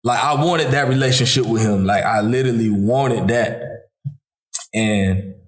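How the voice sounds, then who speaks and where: A man hosting a podcast who talks through fatherhood in a relaxed, heartfelt chat, often calling his friend "bro". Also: medium pitch, a little slow. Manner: informal Southern US speech, calls listener "bro". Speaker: podcast host. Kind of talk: casual heartfelt conversation. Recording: echoey room.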